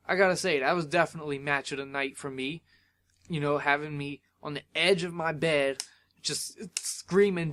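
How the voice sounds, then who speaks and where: A young man hosting a solo wrestling review podcast, retelling events in an excitable, animated way with lots of fillers. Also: a little high, normal speed. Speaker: podcast host.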